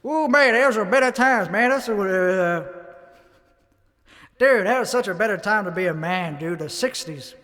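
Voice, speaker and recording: A young man rants in a crude, rambling comic bit at a karaoke night. His voice sits very high for a man. The sound rings with long reverb, and faint music plays behind him. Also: animated, a little slow, pushed and bright. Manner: brash, profane, rambling. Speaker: comedian. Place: karaoke bar.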